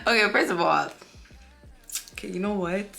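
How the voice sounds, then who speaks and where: A woman's voice: mid-range voice, vocal fry, bright, forceful tone. Chatty woman vlogging to camera. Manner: chatty and candid, addresses viewers as guys, frequent fillers. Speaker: beauty vlogger. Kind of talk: casual chat to camera.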